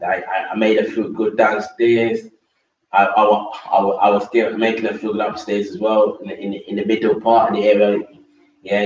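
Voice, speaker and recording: Vlogger, rambling repetitive rant with crude slang; dull, distant, echoey recording. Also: male voice, fairly low pitch. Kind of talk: casual rant to camera.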